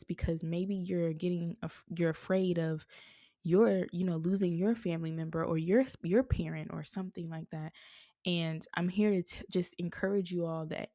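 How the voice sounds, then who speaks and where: Gravelly-voiced woman, earnest podcast host. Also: fairly low pitch, dark tone, no echo, clean studio sound. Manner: earnest and encouraging, speaks of prayer with feeling. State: emotional, near tears. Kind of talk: heartfelt faith-based podcast monologue.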